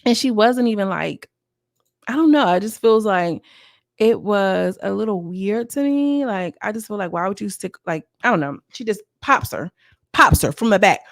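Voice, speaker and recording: Sassy woman with a gravelly edge. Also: mid-range voice, expressive, brisk, dry recording, studio quality. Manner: chatty and sassy, talks straight to viewers. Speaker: YouTuber reviewing a reality show. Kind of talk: casual gossipy commentary.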